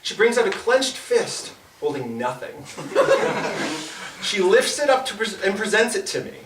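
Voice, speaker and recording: In a small comedy club at an open mic, a young comedian with a high, animated voice stammers through stories, repeatedly starting over. Without a microphone, the sound comes from across the room, distant and echoey, over a noisy background and the audience's laughter.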